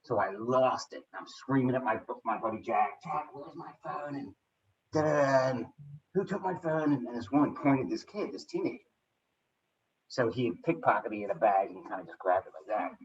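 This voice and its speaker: A distant, dull lo-fi recording catches a man with a lowish voice talking fairly quickly. He's presenting at a seminar, casually telling stories from his own life with frequent restarts and plenty of "you know."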